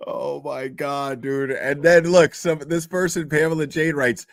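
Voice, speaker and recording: A man's voice: on the high side, gravelly, dry recording, clean studio sound. A man hosting a show, giving casual commentary on a played video in a chatty, profane way and laughing often. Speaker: host.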